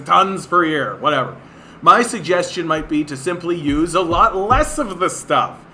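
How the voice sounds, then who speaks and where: A man's voice: high-pitched, pushed and bright, a little hiss or hum. A man from Canada hosting a livestream, ranting in exasperated disbelief, swearing and laughing at what he reads. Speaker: livestream host.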